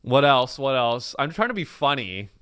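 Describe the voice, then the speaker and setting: Animated sarcastic man ranting. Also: mid-range voice, moderate pace, clear, resonant tone, no room sound, clean studio sound. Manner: sarcastic, animated rants with self-interruptions. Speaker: comedy podcast host. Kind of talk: comedic monologue.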